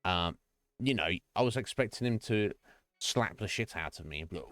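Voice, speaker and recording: A man's voice: lowish voice, lively intonation, normal speed, fairly bright tone, dry recording, clean studio sound, faint music behind. A man chatting casually with viewers on a game stream, rambling with lots of fillers and restarts.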